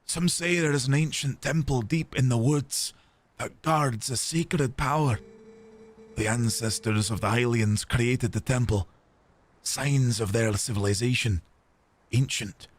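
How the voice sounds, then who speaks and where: A man's voice: medium pitch, unhurried, breathy edge, dry recording. A man reading game dialogue aloud, voicing a confident, friendly man with a put-on Scottish accent who urges the hero across a gorge. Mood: persuasive.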